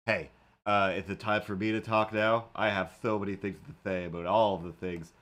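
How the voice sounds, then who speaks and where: A man hosting a casual livestream, rambling and talking to his streaming software and his animated cat helper. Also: on the low side, fairly quick. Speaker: livestream host and cartoonist.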